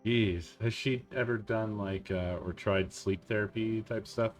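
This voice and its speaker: A man's voice: fairly low pitch, fairly even intonation, measured pace, faint music behind. A man in a casual chat who laughs a lot and gives short reactions.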